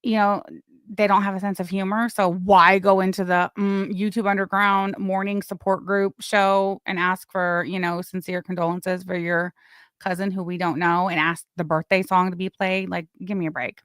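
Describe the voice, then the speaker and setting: Woman livestream host, bright and crisp, dry close sound, blunt and crude, prone to loud excited bursts. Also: lowish voice, moderate pace, no echo. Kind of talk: casual gossip commentary.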